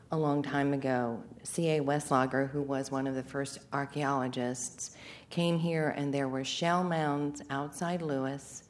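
Older woman, very low voice, earnest and deliberate; faint room noise behind. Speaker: public commenter. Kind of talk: public comment at a council meeting.

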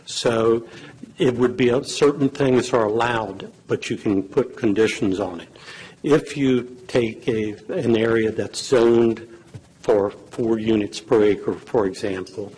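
A man giving legal advice at a public meeting, in a measured, halting way with many fillers, and losing his voice. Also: medium pitch, a little mellow, slightly rough, poor audio. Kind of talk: advising at a council meeting.

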